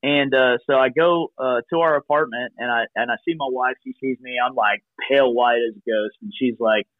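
A man's voice: mid-range voice, fairly even intonation, fairly quick, no echo. A man in his thirties tells a long personal story as a guest over a video call. His voice comes through a thin, phone-like line with a dry sound and no room around it. He rambles and fills gaps with "um" and "you know", and acts out the voices of people he quotes. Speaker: podcast guest. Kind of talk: casual storytelling.

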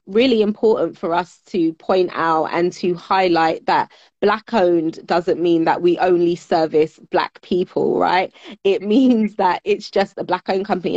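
A woman with a British accent speaks as an interview guest in a low, even, fairly flat voice. She sounds measured and articulate and uses a lot of fillers. The audio is dry and a little dull, like a remote call recording. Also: dry recording. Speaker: guest, business network founder. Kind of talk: conversational interview.

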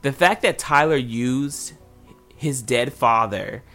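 A man's voice: mid-range voice, lively intonation, takes it slowly, a bit bright, faint music behind. A man hosting a casual podcast, giving earnest, personal commentary. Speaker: podcast host. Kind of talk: casual chat.

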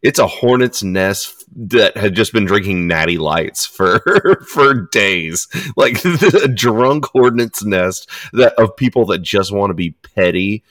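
A man's voice: on the low side, animated, takes it slowly, few pauses, a bit bright, no echo. A man on a podcast, laughing and chiming in with jokes during casual banter. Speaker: podcast co-host.

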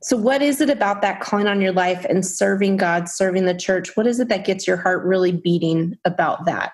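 A woman's voice: medium pitch, fairly quick. A woman hosting a faith podcast, asking reflective questions and affirming her guest. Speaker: podcast host. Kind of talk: conversational interviewing.

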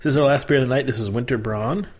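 A man co-hosting a casual beer tasting podcast, hesitant and searching for words, quick to laugh. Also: medium pitch, slight background noise. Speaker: podcast co-host.

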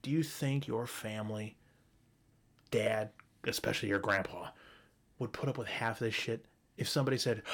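A man's voice: lowish voice, normal speed, long pauses, a bit bright. A man hosting a solo show, ranting bluntly and profanely, often restarting his sentences. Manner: frequent restarts and stumbles. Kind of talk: solo opinion rant.

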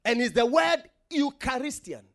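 A man's voice: very high voice, big pitch swings, normal speed, gravelly. A man preaching a sermon, emphatic and full of questions to the congregation, getting them to repeat words after him.

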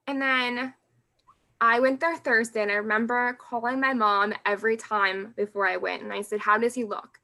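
A woman's voice: a little high, steady tone, normal speed, sharp tone. A woman guest on a podcast telling candid, emotional memories of her late father, often laughing through hard moments. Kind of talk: personal storytelling in podcast interview.

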